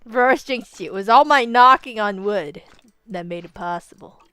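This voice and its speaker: A woman streamer giving casual gaming commentary, excitable, swearing and bursting into yells. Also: medium pitch, normal speed, smooth, dry recording.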